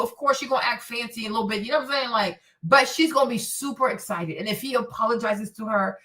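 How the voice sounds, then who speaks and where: Woman streamer, blunt profane rant, high voice, a bit far from the mic. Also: fairly quick. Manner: blunt, profane, animated ranting. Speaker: host. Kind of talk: livestream commentary.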